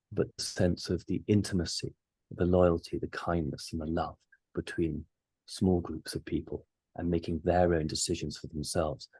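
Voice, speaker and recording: Deep, husky man. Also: warm tone, dry recording. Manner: earnest, emphatic, philosophising. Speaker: resident astrologer. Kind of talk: casual chat.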